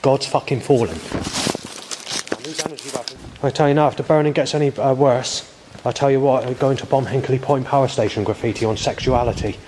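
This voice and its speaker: A man's voice: medium pitch, fairly even intonation, normal speed, darkish tone, a little hiss or hum. A man, recording a rambling spoken video diary outdoors on a muddy path with a handheld camera, talking in an agitated, swearing way. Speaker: video diarist.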